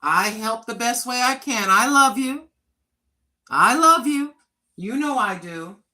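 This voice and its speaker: A woman in her sixties with a fairly high, bright, forceful voice talks straight to her livestream viewers. She vents bluntly and with frustration, swearing freely as she goes. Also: expressive, slow pace. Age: 60s. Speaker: livestream host. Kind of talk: casual livestream venting.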